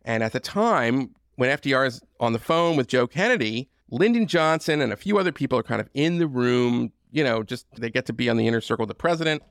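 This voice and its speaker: A man's voice: medium pitch, expressive, fast talker, hardly any pauses, fairly bright tone, no room sound, clean studio sound. A man hosting a podcast, telling history in a conversational monologue with frequent asides and fillers. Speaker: podcast host.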